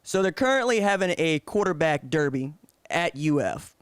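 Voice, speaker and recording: Slangy podcast host with a dry sound. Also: male voice, a little high, big pitch swings, moderate pace, smooth, no echo. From Oklahoma. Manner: laid-back, slangy, asks direct questions. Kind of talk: casual interview questions.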